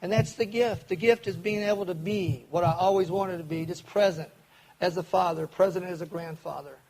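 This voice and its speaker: A man's voice: high voice, a little mellow, poor audio. An older man from Kentucky, telling his recovery story to a meeting audience in an earnest way. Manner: earnest, acts out quoted voices, speeds up and slows down.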